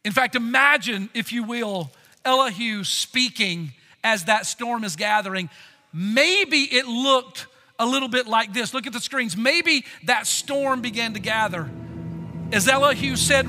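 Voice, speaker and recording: A man preaching a sermon in a church sanctuary, earnest and expressive, often asking the congregation rhetorical questions. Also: very high-pitched, a little slow, big-room sound, loud music behind the voice. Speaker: pastor.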